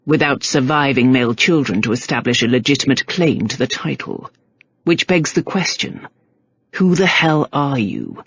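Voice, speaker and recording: Lady doing a stern earl, low and curt, bossy, husky, dry slightly dull audiobook sound. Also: dry recording, full character voice. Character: stern commanding male earl.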